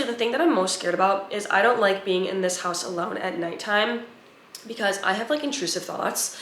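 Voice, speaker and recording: A woman's voice: mid-range voice, a bit bright, echoey room, slight background noise. A young woman in her twenties, a new mother, chatting casually in a vlog with a stuffy, congested voice and lots of filler words. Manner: rambling, filler-heavy, chatty. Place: at home and in a car.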